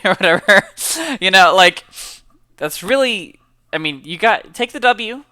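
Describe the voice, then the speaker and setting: A man's voice: high voice, expressive, a little slow, pushed and bright, clear, resonant tone, no room sound, clean studio sound. A young man, a college student, chatting casually and upbeat to camera, with lots of fillers and repeated words. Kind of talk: casual motivational chat to camera.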